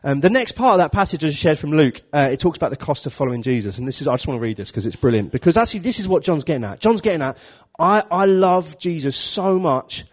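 A man delivers a relaxed, conversational sermon. He tells the story with jokes and slips into little acted-out voices for the characters, keeping it light and chatty. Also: on the high side, rapid-fire, hardly any pauses, breathy edge. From London. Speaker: preacher. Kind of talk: informal sermon.

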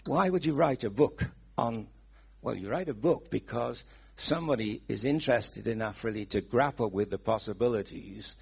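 Casting: middle-aged Welsh man, preacher, husky voice, talks with the congregation. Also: on the low side, a bit bright. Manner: chatty, asks the congregation questions. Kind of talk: sermon.

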